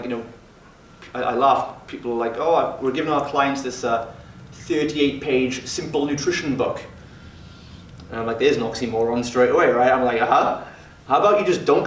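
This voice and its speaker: Leading a mastermind for gym owners, this fitness business mentor talks brash and crude in a mid-range voice. It's recorded on a distant mic, so it sounds roomy, with a little hiss or hum.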